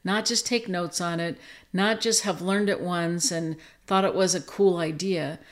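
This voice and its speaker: An older woman, a grandmother, teaching a lesson on listening skills and acting out gentle example dialogue. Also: on the low side, steady tone, a little slow. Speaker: parenting and relationship educator. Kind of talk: teaching talk with acted examples.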